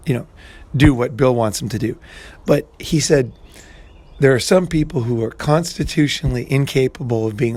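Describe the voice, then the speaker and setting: A man's voice: mid-range voice, darkish tone. A man hosting a casual monologue, rambling with many restarts and fillers and some blunt swearing. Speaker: podcast host.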